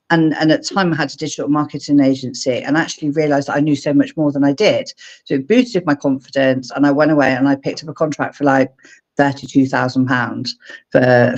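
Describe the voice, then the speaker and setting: A middle-aged woman from England, a guest on a video-call interview, telling animated stories and acting out her own past lines. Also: sits low, highs cut off. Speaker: guest, speaker mentor. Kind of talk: casual interview chat.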